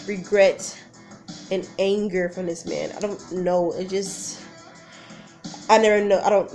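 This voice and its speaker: A woman's voice: medium pitch, darkish tone. Rambling young woman telling a story. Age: 20s. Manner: rambling, emotional, many fillers and restarts. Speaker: vlogger. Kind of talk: casual storytelling.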